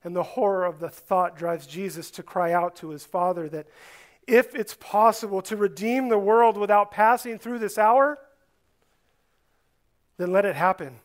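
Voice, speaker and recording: A man preaching a sermon, earnest and deliberate, rising to stress some words and dropping low on others. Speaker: pastor.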